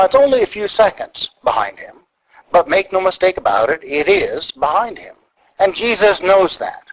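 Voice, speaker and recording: A man preaching an expository sermon, deliberate and emphatic as he walks through the text. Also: high voice, vocal fry, rough recording. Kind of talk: sermon teaching.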